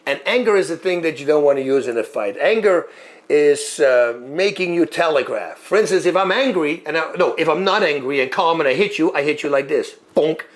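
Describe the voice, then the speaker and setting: A former fighter telling a long story in a lively way, acting out moves and sounds as he goes. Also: on the high side, a little fast. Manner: animated, acts out moves and sounds. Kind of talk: storytelling monologue.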